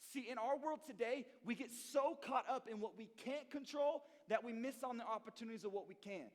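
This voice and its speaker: Energetic youth pastor, high voice. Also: male voice, brisk, long reverb tail. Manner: energetic, slangy storytelling. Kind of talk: sermon to youth.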